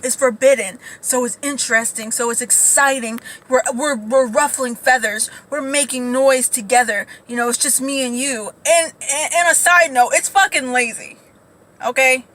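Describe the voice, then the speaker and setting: A woman ranting casually as a commentator, blunt, profane and animated. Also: high-pitched, low-quality recording. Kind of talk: casual reaction rant.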